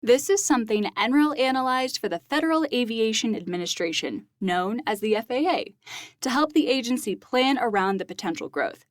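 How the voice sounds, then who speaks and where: A woman's voice: fairly high pitch, lively intonation, a little fast, dry recording, clean studio sound. A woman co-hosting a lab podcast, reading short semi-scripted segments with an upbeat manner and easy asides. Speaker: podcast co-host.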